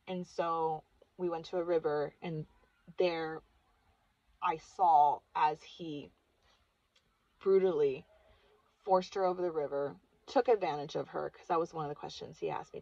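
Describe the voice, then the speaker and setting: A woman's voice: low-pitched, steady tone, a little slow, long pauses, mellow, dry recording, muffled recording. A woman vlogger casually telling a personal story, earnest and chatty, saying "like" constantly.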